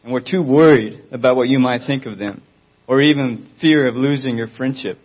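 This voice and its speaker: Earnest and pleading, a man shares his Christian testimony at a moderate pace. His pitch is typical for a man, captured on a dull, lo-fi recording.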